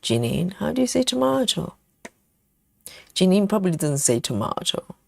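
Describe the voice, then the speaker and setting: A woman's voice: lowish voice, big pitch swings, normal speed, creaky, dry recording. A woman hosting a live cross-stitch stream, chatting casually, laughing often and thinking aloud as she stitches. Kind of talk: live stitch-along chat.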